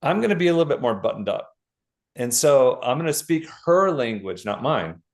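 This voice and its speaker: A middle-aged man, a guest author explaining ideas in a casual interview with lists and quick examples. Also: medium pitch, big pitch swings.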